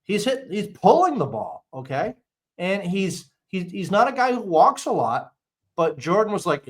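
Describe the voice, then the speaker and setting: Profane ranting sports podcaster. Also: male voice, high-pitched, unhurried. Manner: profane, ranting, animated storytelling. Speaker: podcast co-host. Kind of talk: casual sports podcast chat.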